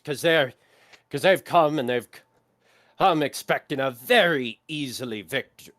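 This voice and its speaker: A man's voice: a little high, a bit bright. A man playing a male ship commander who gives his crew a rousing, somewhat formal battle speech.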